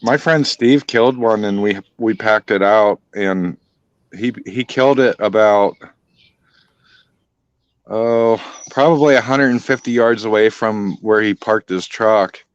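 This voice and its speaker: A man's voice: lowish voice, measured pace, clear, resonant tone, dry recording, muffled recording. A man telling a hunting story in casual chat, swearing a lot and acting out the voices. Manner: profane, animated, acts out voices.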